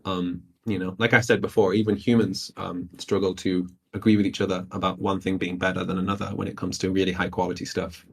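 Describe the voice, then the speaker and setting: Man, low voice, subnet developer thinking aloud on a call, lots of "um"s. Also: level tone, a little fast, gravelly, hardly any pauses, breathy edge. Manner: thoughtful, many fillers and restarts. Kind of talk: casual chat on a voice call.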